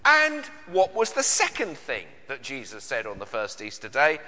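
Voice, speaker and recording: A man's voice: medium pitch, huge pitch swings, moderate pace, pushed and bright, big-room sound. A British man preaching a sermon in an earnest way, with many searching questions and frequent repeated words. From Britain. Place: church.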